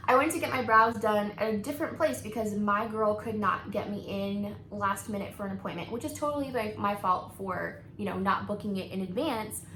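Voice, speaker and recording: A woman's voice: medium pitch, a little fast, few pauses, a bit bright. A woman in her thirties, a beauty vlogger chatting through a story while doing her makeup, laughing often and peppering her talk with likes and ums. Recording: echoey room with faint noise.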